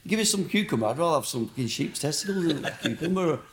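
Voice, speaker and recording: A man's voice: fairly high pitch, lively intonation, racing. A man from Blackburn, telling rambling, sweary stories as a guest in a casual interview. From Blackburn, England. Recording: roomy echo.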